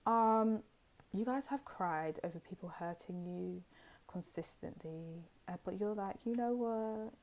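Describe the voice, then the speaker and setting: A woman with a slightly low voice gives a casual tarot reading straight to her viewers. She talks in a chatty, rambling way, full of fillers and side remarks. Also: unhurried, darkish tone, a little hiss or hum. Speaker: tarot card reader.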